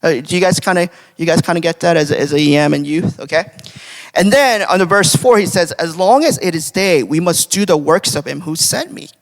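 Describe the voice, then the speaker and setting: In a church sanctuary, a young man preaches a relaxed devotional sermon in a voice that sits on the high side and moves a little fast. His delivery is conversational, packed with fillers and frequent "right?" checks, and the long reverb of the church hall hangs on every word.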